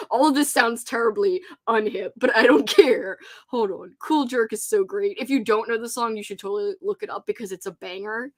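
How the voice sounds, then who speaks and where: Giggly chatty woman, slightly high voice. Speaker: host. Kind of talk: casual livestream chat.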